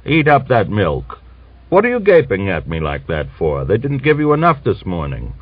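A man doing a gruff old Cossack farmer. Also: on the low side, huge pitch swings, normal speed, no room sound, full character voice. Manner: gruff, scolding. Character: gruff older male Cossack farmer, fatherly. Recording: dull lo-fi old recording.

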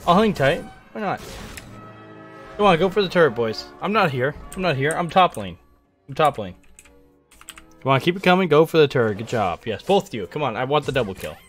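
Excitable young man narrating his gameplay. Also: on the high side, a little fast, long pauses, soft background music. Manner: excitable, playful, trash-talking. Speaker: gaming streamer. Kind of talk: live gameplay commentary.

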